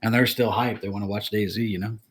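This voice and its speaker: A man's voice: on the low side, steady tone, brisk, breathy edge. A man from the United States in casual podcast chat, rambling and hesitant, trailing off. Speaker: streamer guest.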